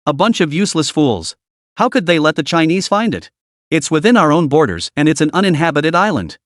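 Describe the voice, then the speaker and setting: A man voicing a scornful, impatient male superior who scolds quickly. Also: a little high, big pitch swings, no room sound, studio quality.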